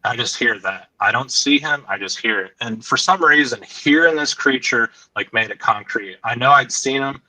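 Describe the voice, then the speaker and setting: A man telling a woodland encounter story on a podcast, halting and full of fillers, sometimes choked up and dropping quiet. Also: mid-range voice, no room sound, rough recording. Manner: halting, frequent "like" fillers, drops to quiet asides.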